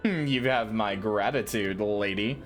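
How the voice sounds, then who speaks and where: A woman's voice: rumbling low, unhurried, faint music behind. Woman reading as a stern, formal male elf commander. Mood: formal, earnest. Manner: reads stiff, formal lines aloud, stumbling and correcting himself.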